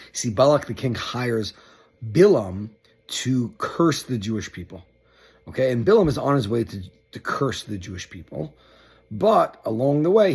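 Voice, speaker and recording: A man giving a short, upbeat weekly Torah talk, telling the story with lively acted-out quotes. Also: medium pitch, vocal fry, slightly rough. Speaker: Torah teacher.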